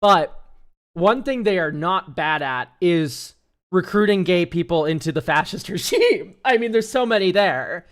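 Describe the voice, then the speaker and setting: A young man with a high voice chats casually on a stream. He rambles and jokes sarcastically, laughing often between thoughts. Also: lively intonation, unhurried, a bit bright. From United States. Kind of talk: casual chat.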